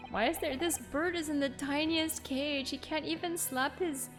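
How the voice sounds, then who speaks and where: A woman's voice: high voice, steady tone, moderate pace, faint music behind. A woman streamer chatting casually while playing a game and reading its text aloud. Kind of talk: casual gameplay commentary.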